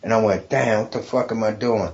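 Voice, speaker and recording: A middle-aged man, a stand-up comedian guest, telling a story in a profane, animated way, laughing often. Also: fairly low pitch, fairly quick. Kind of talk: casual storytelling. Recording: dull lo-fi podcast recording.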